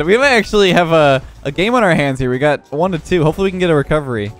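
Excitable young man commentating gameplay. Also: fairly high pitch, rapid-fire, soft background music. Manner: excitable, laughing, frequent exclamations. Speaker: gaming YouTuber.

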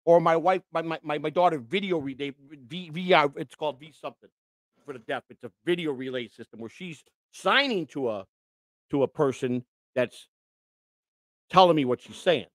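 A middle-aged man, ranting on his livestream, stumbling over restarts and swinging between loud outbursts and quiet asides. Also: fairly high pitch, normal speed, no room sound. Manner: indignant, repetitive restarts, swings loud and soft. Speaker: livestream host.

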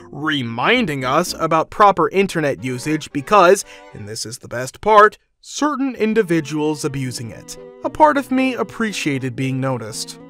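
A man narrating a first-person workplace story in a steady, matter-of-fact scripted read. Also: on the high side, normal speed, hardly any pauses, faint music behind.

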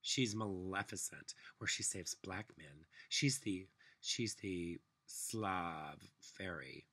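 A man rants alone to his camera, swearing freely and dripping with sarcasm. His voice sits low and husky, with a tense, forceful edge. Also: animated, slow. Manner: angry, profane, sarcastic ranting. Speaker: vlogger. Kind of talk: solo political rant.

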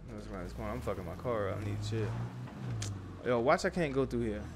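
A young father who makes gaming videos on YouTube talks casually over a survival game as he plays, swearing and chatting with himself and the on-screen characters. His voice sits fairly low and comes out animated and quick. The recording is very noisy, and his manner is loose and profane.

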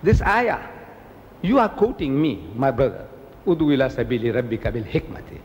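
A man's voice: normal speed, big-room sound, a little hiss or hum. A man from South Africa giving a public lecture as a preacher, acting out the voices he quotes with big swings in his delivery. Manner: animated, acts out quoted dialogue with big pitch swings.

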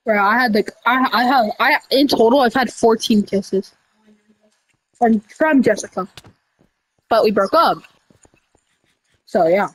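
A woman doing casual game role-play over voice chat, rambling with restarts and breaking into sudden high shouts. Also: a little slow, long pauses, low-quality recording. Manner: rambling, with many restarts and y'all. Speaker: roleplayer running a candy store character.

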